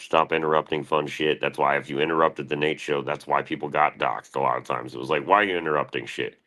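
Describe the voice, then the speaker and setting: A man's voice: very deep voice, a bit bright. A young man streaming in the morning, rambling and cursing, and talking about himself in the third person. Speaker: live streamer.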